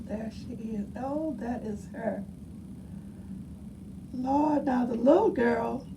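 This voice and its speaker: An older woman, a retired teacher, reminiscing with fond, slow, exclaiming remarks. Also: on the high side. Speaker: retired first grade teacher. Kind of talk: reminiscing while looking through a book. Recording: distant mic with steady background noise.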